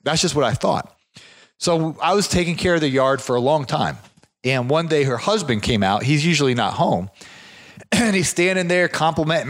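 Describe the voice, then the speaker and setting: A man's voice: fairly high pitch, moderate pace. A man who runs a property management business, telling a long, rambling anecdote in a casual conversation. He strings it out with fillers and restarts, and his voice jumps up when he quotes other people. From southeastern United States. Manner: animated when quoting others.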